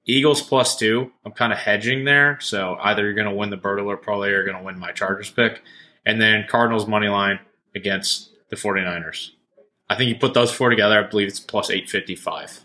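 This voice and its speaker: A man's voice: on the low side, brisk, sharp tone. A man co-hosting a casual sports betting podcast, joking around and swearing as he gives his picks. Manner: jokey and profane, goofing around. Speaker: podcast co-host.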